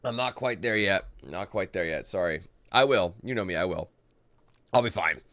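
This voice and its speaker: A man's voice: low-pitched, expressive, moderate pace, pushed and bright, no room sound. A man talking casually on a live stream, rambling and chatty, tired, greeting his chat by name. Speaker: livestreamer.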